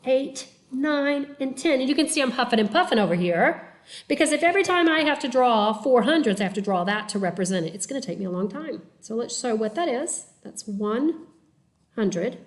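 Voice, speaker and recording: A middle-aged woman teacher with a slightly high voice walks through a math lesson at a patient, steady pace. She counts aloud as she draws, her voice dropping softer between numbers, and often pauses to check in with the class. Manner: patient, step-by-step explaining with frequent "okay?" checks; counts aloud while drawing, trailing off quietly.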